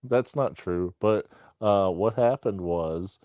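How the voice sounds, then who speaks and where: A man's voice: lowish voice, slow, a little mellow, dry recording. A man co-hosting a podcast, telling rambling jokey stories and laughing often. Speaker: podcast co-host. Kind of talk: joking casual chat.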